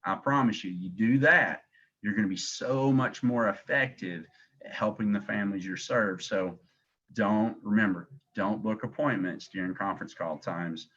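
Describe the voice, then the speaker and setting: A man with a Southern accent runs a sales training call, his voice sitting low and pressing each point again and again. He speaks like a motivated director rallying new agents. The sound is dull and lo-fi, as if carried over a call. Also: moderate pace, fairly bright tone. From Tennessee, US. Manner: motivational, emphatic and repetitive. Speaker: agency director.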